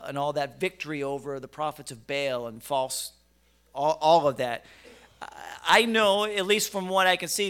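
A man preaching a sermon with emphasis and rhetorical questions, repeating words as he goes, swinging from quiet to loud. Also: on the high side, smooth.

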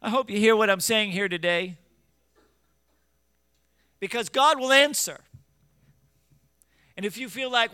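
A man preaching a fervent sermon in a high, bright and clear voice. He moves between quiet scripture teaching and loud, urgent exhortation, scolding his listeners head-on. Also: expressive, moderate pace, dry recording. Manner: scripture in King James wording, direct scolding of listeners.

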